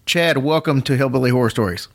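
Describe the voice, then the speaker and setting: A man hosting a podcast, telling a story in casual chat with lively asides and chuckles. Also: medium pitch, creaky. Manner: animated, quick asides and chuckles. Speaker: podcast host.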